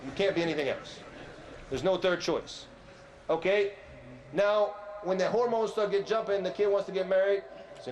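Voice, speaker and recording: A man speaks loudly into a close microphone, delivering an animated lecture to a big hall. His voice sits a little higher than most men's, and he keeps throwing questions at the audience and teasing them for staying quiet. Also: moderate pace, long pauses, a little hiss or hum. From USA. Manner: animated, asks the crowd questions and teases them; loud voice, by his own account. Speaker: visiting sheikh giving a lecture. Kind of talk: lively lecture sermon to a youth audience. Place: large multi-floor community centre hall.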